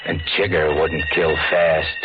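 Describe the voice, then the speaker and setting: A jittery small-time hoodlum, low-voiced and gruff, snapping short lines in street slang. It sounds like a 1940s radio drama, dull and lo-fi, with music playing behind. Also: male voice, flat delivery, unhurried. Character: frightened tough-talking male small-time dancer on the run.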